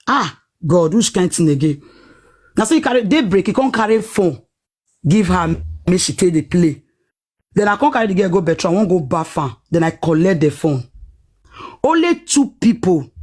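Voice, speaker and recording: A woman with a Nigerian Pidgin accent telling a personal story in a lively, dramatic way, acting out what people said. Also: on the low side. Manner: animated, dramatic retelling with acted-out quotes.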